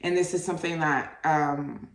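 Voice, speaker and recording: Young adult woman, podcast host, low voice, candid rambling, swears casually, echoey room. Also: moderate pace. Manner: candid, rambling, heavy on "like" fillers, swears freely. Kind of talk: casual solo podcast monologue. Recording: roomy, voice distant from the mic.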